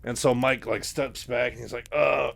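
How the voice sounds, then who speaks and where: A man's voice: medium pitch, flat delivery, moderate pace. Man casually retelling a story. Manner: loose, filler-heavy, lots of "like". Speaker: book retelling host.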